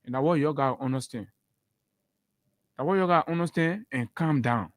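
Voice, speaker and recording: A man's voice: on the high side, fairly quick, dry recording, studio quality. A man with a Liberian accent giving heated, emphatic political commentary on a morning talk show, repeating phrases for force.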